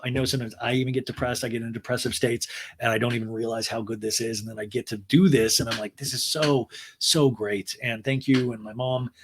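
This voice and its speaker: A man hosting a comedic recap podcast, talking animatedly and giggling between his own jokes. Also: mid-range voice. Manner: animated, giggly, acts out quotes. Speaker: podcast host.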